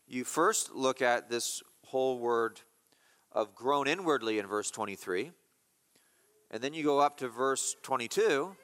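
A man delivers an expository sermon, slowing down to stress repeated words. His voice is bright and forceful at a middle pitch. It rings with the long reverb of a church hall. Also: animated. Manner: emphatic, repeats key phrases slowly. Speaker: pastor.

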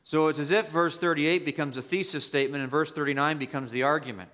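A man's voice: a little high, steady tone, fast, a bit bright. A male pastor preaching an expository sermon, emphatic and repetitive, rising sharply to stress key points.

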